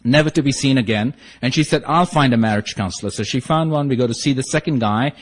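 A man tells his own story to a group in a wry, self-mocking way, slipping into the voices of the people he describes. His voice sits at an ordinary middle pitch. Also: quick pace. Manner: acts out quoted dialogue. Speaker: speaker sharing his story at a support meeting.

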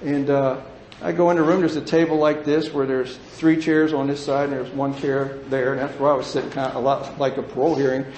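A man's voice: mid-range voice, level tone, brisk, darkish tone, slight background noise. A man in his sixties, plain-spoken and folksy, telling his recovery story to a meeting and livening up when he jokes. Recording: echoey room with faint ambience.

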